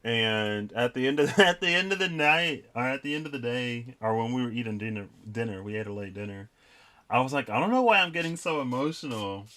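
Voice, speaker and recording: A man's voice: mid-range voice, brisk, sharp tone. A young man reading tarot cards and chatting in a rambling, reflective way with many fillers. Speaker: tarot reader. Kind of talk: casual tarot reading vlog.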